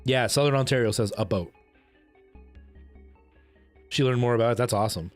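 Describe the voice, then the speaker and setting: A man's voice: medium pitch, rapid-fire, faint music behind. A man streaming a retro game, chatting casually and answering his viewers' comments.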